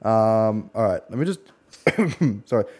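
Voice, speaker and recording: A man hosting a podcast, husky and hungover, chatting crudely with lots of jokes and swearing. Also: on the low side, lively intonation, a little slow, dark tone. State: husky from a hangover. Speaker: podcast host. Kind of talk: casual chat.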